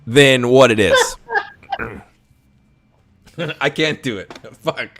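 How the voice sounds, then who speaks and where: Man, podcast co-host, casual comedy chat, animated, stammering restarts. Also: mid-range voice, drawn-out words, a little hiss or hum. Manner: stammering restarts, laughing self-consciously.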